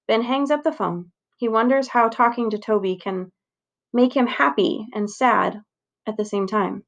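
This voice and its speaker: A woman steadily reading a children's novel aloud, narrating clearly. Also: a little high, unhurried. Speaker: reader.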